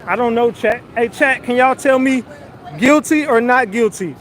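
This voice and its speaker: High-voiced man livestreaming from a crowded street. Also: moderate pace, fairly bright tone, some chatter behind. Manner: loose, joking, reads chat aloud. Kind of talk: casual livestream commentary. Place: outdoors on a busy city street.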